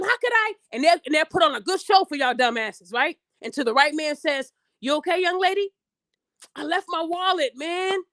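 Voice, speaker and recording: Podcast host, young woman, AAVE, high voice, blunt and lecturing, dry close sound. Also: fairly bright tone, no room sound. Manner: blunt, preachy, addresses listeners directly, acts out quoted voices. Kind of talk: opinionated podcast monologue.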